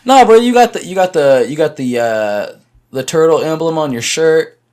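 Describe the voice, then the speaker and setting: A man's voice: on the high side, lively intonation, moderate pace, darkish tone, clean tone. A man hosting a casual podcast, joking with friends, laughing often and restarting his sentences. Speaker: podcast host.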